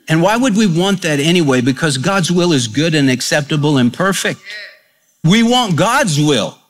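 A man's voice: fairly high pitch, lively intonation, slow, pauses often. A man preaching a sermon in a folksy storytelling way, acting out the voices in his examples. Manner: folksy storytelling, acts out quotes. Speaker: pastor.

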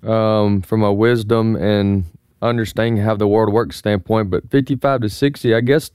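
A man's voice: fairly low pitch, steady tone, moderate pace, darkish tone, clean tone, no echo, clean studio sound. A man co-hosting a radio show, reasoning aloud in a thoughtful, hesitant way. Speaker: co-host. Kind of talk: casual studio chat. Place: radio studio.

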